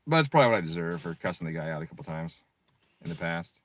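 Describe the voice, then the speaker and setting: This is a profane, casual screen walkthrough of a tuning website by a car tuner and streamer prone to irritated outbursts. He speaks in a deep, sing-song voice with a fairly bright tone.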